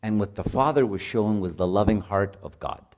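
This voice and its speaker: A middle-aged man preaching at a marriage retreat in a conversational, animated way, acting out quotes from home life. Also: fairly low pitch, brisk. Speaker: priest.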